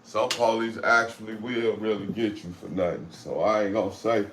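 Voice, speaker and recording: A man's voice: lowish voice, fairly even intonation, moderate pace, fairly bright tone. A man with a St. hosting a casual live chat. He talks in a streetwise way and repeats phrases. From St. Louis. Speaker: live stream host. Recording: roomy with faint background noise.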